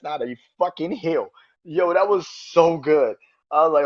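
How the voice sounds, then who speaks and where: A man hosting a podcast, reviewing wrestling in excitable, profane casual chat and laughing often. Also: a little high, moderate pace, dull audio. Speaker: podcast host.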